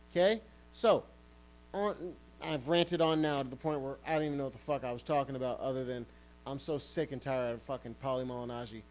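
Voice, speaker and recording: A man's voice: a little high, a little mellow, rough recording. A man hosting a sports podcast, ranting heatedly and swearing often. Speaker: podcast host.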